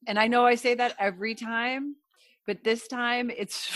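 A woman hosting a conversation, gushing and effusive, laughing often as she talks. Her voice is bright and forward, recorded close and dry with no room sound. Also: on the high side, a little slow, dry recording. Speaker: podcast host. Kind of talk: emotional, warm-hearted chat.

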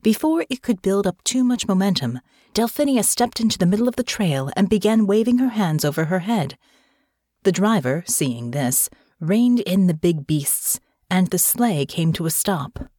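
A woman narrating an audiobook with expressive, scripted storytelling on a close studio mic. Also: medium pitch, moderate pace, dry recording.

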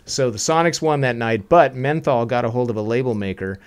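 A man in the middle of a casual podcast chat, spinning long loose stories and stopping to correct himself. His voice sits at an ordinary middle pitch. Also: fairly quick, smooth. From Seattle area. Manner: rambling anecdotes with self-corrections. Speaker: musician guest.

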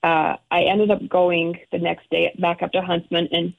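A middle-aged woman, a guest, telling an emotional personal story in halting, restarting speech. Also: lowish voice, flat delivery, vocal fry. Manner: halting, restarts often, acts out quoted relatives. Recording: phone-like narrow sound.

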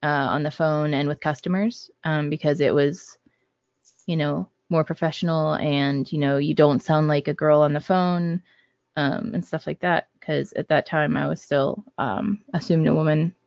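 A man, a game designer guest on a podcast, talking in a measured way with frequent ums. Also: fairly high pitch, fairly even intonation, creaky, a little mellow, clean tone, dry recording. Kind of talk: casual podcast chat. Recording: dull, dry lo-fi audio.

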